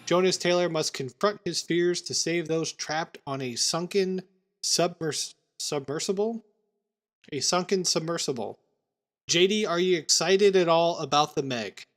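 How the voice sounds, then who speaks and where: A man's voice: a little high, unhurried, soft background music. A man co-hosting a casual movie podcast, chatting and previewing upcoming films. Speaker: podcast co-host.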